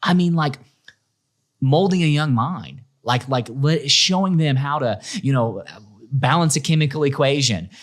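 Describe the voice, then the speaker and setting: Middle-aged man, school principal, storytelling guest, animated, lots of restarts, plays out quoted voices. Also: mid-range voice, measured pace. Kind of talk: casual storytelling interview.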